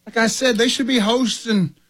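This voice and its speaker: A man's voice: extremely high pitch, steady tone, normal speed, fairly bright tone, slightly rough. A man from co-hosting a casual sports talk show, blunt and opinionated, with his sentences often trailing off. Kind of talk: casual sports radio chat.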